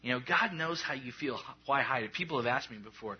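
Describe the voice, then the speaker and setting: A man's voice: medium pitch, animated, fairly quick, husky, muffled recording. A man preaching a sermon as a pastor, in a conversational, joking way, acting out little prayer scenes.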